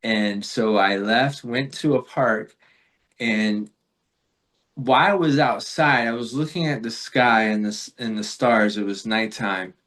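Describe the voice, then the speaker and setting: A podcast guest from Florida, this man tells a rambling spiritual story in a reflective, casual manner, with fillers and soft laughs. His voice is on the low side and unhurried.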